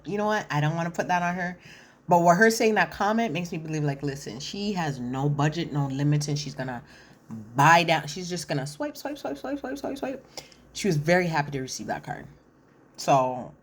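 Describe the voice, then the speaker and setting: Chatty, opinionated woman recapping TV. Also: deep voice. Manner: chatty and opinionated, acts out quotes, often says "listen". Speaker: reality TV commentator. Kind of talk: casual recap commentary.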